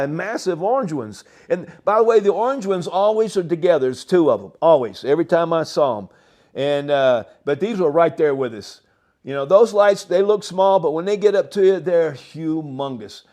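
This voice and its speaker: Older man, high-pitched voice, rambling and halting delivery, chuckles between phrases, interview guest. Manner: animated, halting, chuckles often. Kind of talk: rambling storytelling.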